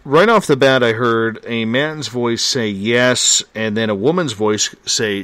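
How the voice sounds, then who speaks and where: A male radio host reading out listener reports in a steady, unhurried way. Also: medium pitch, no room sound. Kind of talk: live talk radio.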